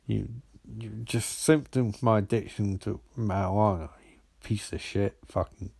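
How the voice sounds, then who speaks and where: Man doing a sweary cartoon stoner, low gravelly rant, dry close sound. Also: fairly even intonation, normal speed, darkish tone, no echo. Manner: swearing, ranting insults. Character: foul-mouthed angry cartoon stoner, young man.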